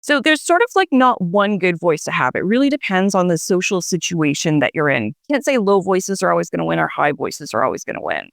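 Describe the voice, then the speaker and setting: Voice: mid-range voice, very animated, brisk, vocal fry, few pauses, a bit bright, no room sound, studio quality. A guest explaining voice research in a radio interview, talking it through with fillers and restarts.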